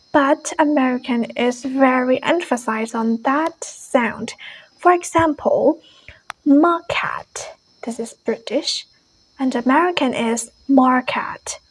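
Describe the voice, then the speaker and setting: A woman teaching an English pronunciation lesson, explaining each point in a measured way and repeating every example word twice. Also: sits high, darkish tone, husky, poor audio.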